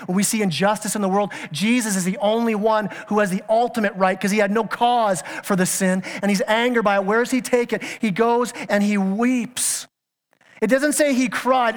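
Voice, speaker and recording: High-voiced preaching man, reverberant hall. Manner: earnest, emphatic preaching with repeated questions and stammered restarts. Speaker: pastor. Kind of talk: sermon. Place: church sanctuary. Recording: church hall with long reverb.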